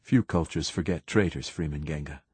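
A man voicing a reserved diplomat who speaks quietly and in measured terms. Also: a bass voice, breathy edge, no room sound, pitched below the performer's own voice.

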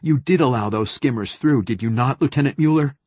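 A man's voice: medium pitch, fairly quick, a little mellow, husky, dry recording, voice pushed up, close to an everyday voice. A man voicing a wounded young male governor who gives clipped, authoritative orders. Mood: commanding.

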